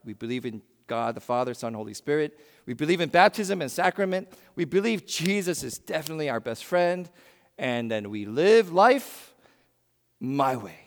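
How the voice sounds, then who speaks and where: A man preaching a sermon in a church, swinging between loud emphatic bursts and hushed, quiet lines. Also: medium pitch, in a large hall. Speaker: pastor.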